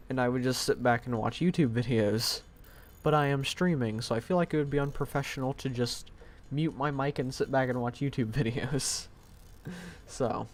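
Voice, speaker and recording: A man streaming a game live from home on a headset mic, thinking aloud in a rambling, self-deprecating way. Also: mid-range voice. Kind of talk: casual live-stream commentary.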